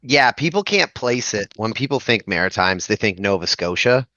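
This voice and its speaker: A man with a Prince Edward Island accent talks casually as a guest, easygoing and searching for words. His voice is low-pitched yet bright and forward. The audio is dry and a bit dull, like a lo-fi call. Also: animated, moderate pace, no echo. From Prince Edward Island, Canada. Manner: easygoing, hesitant, lots of "like". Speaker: guest musician. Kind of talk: casual chat.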